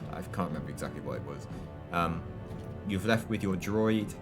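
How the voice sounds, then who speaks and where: A man's voice: sits low, lively intonation, normal speed, over music. A man narrating as game master in a tabletop role-playing game, dry and wry, with frequent restarts.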